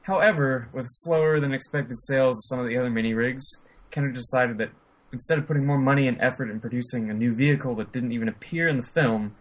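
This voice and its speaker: An easygoing man co-hosting a podcast, relaxed in conversation and prone to light laughter. When he reads aloud he keeps an even, steady pace in a middle-pitched voice. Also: fast talker, rough recording. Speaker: podcast co-host. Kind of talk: casual chat and reading aloud.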